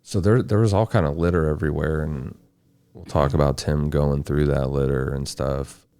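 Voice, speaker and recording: A man hosting a podcast, telling a true-crime story in steady, detailed narration with casual asides. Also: rumbling low, normal speed, clean tone, no room sound. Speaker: podcast host.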